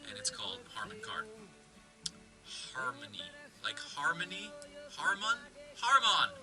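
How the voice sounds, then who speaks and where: Guy from canada ranting on his vlog, high bright voice jumping all over, cussing a lot, faint music under it. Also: rough recording. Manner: exasperated, sweary, incredulous ranting. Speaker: vlogger.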